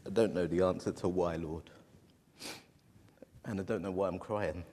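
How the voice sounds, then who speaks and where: A man preaching a sermon, telling a personal story in a halting, emotional way, recorded in a church. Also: sits low, fairly even intonation, a little mellow, big-room sound, a little hiss or hum. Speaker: pastor.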